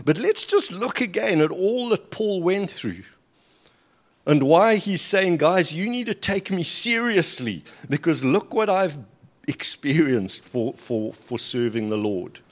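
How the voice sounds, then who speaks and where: Animated male preacher with wry asides. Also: on the high side, a little slow. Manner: animated, with dry asides and sarcasm. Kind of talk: sermon with scripture reading. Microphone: handheld or stand mic at a lectern.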